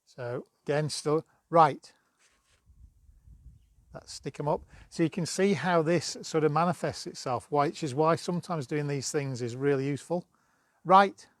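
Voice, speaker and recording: Chatty dog trainer, higher man's voice. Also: moderate pace, no echo. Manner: chatty, coaxing, bursts of high praise to the dog. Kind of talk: live-streamed training demo.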